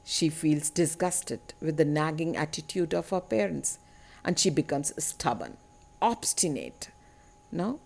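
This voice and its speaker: Slow, deliberate woman teacher explaining a poem. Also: low voice, lively intonation, creaky, darkish tone. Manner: slow, deliberate explaining, repeating key words, with rhetorical tag questions. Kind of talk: literature lesson explaining a poem.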